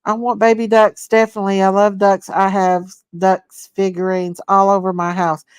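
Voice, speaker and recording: A woman hosting a casual livestream. She reads viewer comments aloud, greets people by name and gushes with excitement. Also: medium pitch, moderate pace, clean tone, no echo, clean studio sound. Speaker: livestream host. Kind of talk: casual live chat reading viewer comments.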